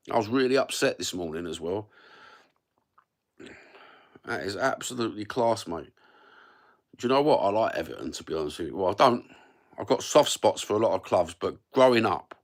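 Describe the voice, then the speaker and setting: A man in his fifties with a Cockney accent, chatting and ranting casually on a live stream in a rambling, sweary, blokey way, recorded on a phone. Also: low-pitched. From London. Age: 50s.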